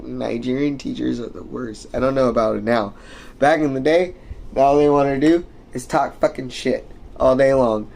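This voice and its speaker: A man's voice: mid-range voice, moderate pace, creaky, darkish tone, a little hiss or hum. A young man ranting and telling stories casually, rambling and swearing a lot with many fillers. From United States. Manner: rambling, profane, full of fillers. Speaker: streamer. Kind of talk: casual storytelling rant.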